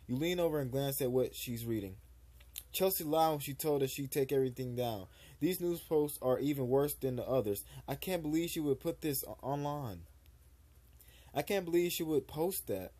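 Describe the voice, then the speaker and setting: Mellow-voiced young man reading game text. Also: mid-range voice, normal speed. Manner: casual, slightly stumbling read-aloud delivery. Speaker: game streamer. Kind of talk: reading game dialogue aloud with commentary.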